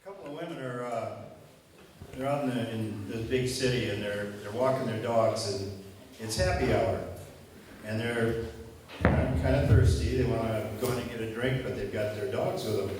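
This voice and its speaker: A man emceeing a talent show, telling a joke in a casual, halting way with fillers. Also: fairly low pitch, fairly even intonation, darkish tone. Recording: echoey hall from far off, noisy.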